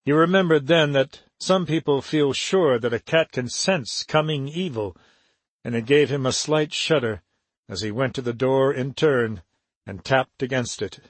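A man narrating an audiobook in a steady, even reading. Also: medium pitch, unhurried, dry recording. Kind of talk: scripted narration.

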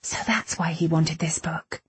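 A woman voicing a weary, wary young woman librarian-spy who speaks in hushed, anxious tones. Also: fairly low pitch, animated, normal speed, husky, no echo, voice pushed up.

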